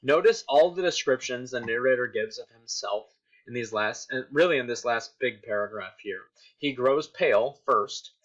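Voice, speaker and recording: Male teacher, recorded lesson, explanatory, crisp bright tone, slightly muffled sound. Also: medium pitch, normal speed. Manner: explanatory, checks in with "right?". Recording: dull lo-fi recording.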